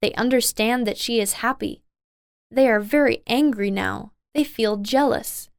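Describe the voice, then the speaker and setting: Clear-voiced woman reading a storybook. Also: on the high side, no room sound, studio quality. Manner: slow, simple and even. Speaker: reader. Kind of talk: scripted storybook narration.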